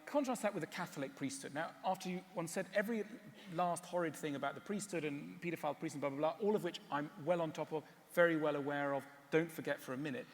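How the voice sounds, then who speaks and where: A man giving a public talk and answering questions, wry and animated, often stopping on fillers. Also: a little high, fast, few pauses, long reverb tail. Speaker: speaker. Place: large hall.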